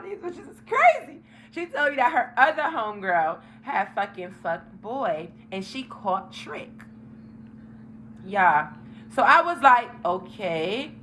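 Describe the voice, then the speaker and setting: A young woman tells a story straight to her viewers in a bright, fairly high voice. She is animated and profane throughout. A faint room hiss sits under her voice. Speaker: vlogger telling a story. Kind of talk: casual storytime.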